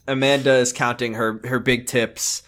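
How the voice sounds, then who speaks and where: A man's voice: medium pitch, little pitch movement, normal speed, a bit bright. A man co-hosting a podcast, rambling and joking through a casual episode recap. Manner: rambling, joking, with many fillers. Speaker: podcast co-host.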